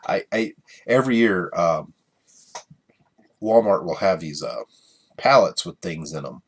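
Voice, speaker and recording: A man's voice: deep voice, fairly bright tone, husky. A man hosting a casual solo podcast, rambling and chuckling through his stories with many fillers. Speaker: podcast host.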